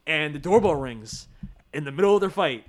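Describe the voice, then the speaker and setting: A man in casual chat about a TV show, excitable, laughing often and acting out quotes. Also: fairly high pitch, a little fast.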